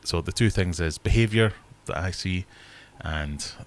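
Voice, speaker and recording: His voice sits low and moves at a measured pace. He's a fishkeeper running a laid-back livestream from his fish room, rambling and poking fun at himself as he talks.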